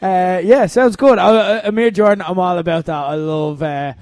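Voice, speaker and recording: A man co-hosting a podcast, chatting casually, animated and laughing often as he swears now and then. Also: high voice, normal speed, no room sound. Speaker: podcast co-host. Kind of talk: casual chat.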